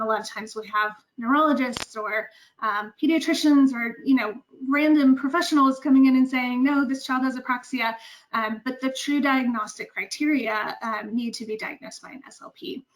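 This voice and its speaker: A woman with a fairly high voice gives a webinar lecture. She explains step by step and pauses often on fillers. She speaks into a computer mic. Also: rough recording. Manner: explanatory, many ums. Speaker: speech-language pathologist presenter.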